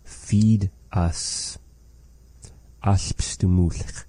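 A man's voice: deep voice, steady tone, drawn-out words, dark tone, dry recording. A man teaching a language lesson, patiently explaining phrases and repeating words.

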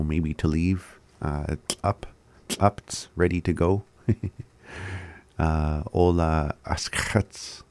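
A man giving a casual language lesson, slowly repeating words and chuckling often. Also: low voice, a little mellow, dry recording. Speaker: language teacher.

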